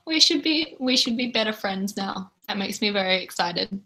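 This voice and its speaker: A woman's voice: mid-range voice, expressive, normal speed, bright, forceful tone. A young Australian woman with an Australian accent, chatting casually to viewers as a livestream host from home. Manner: chatty, reads and answers chat. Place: home room.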